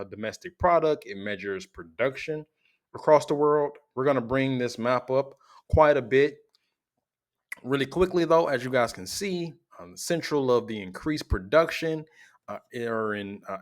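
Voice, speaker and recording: A man hosting his own finance explainer channel, talking in a loose, joking, conversational way straight to his viewers. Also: mid-range voice. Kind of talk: casual explainer commentary.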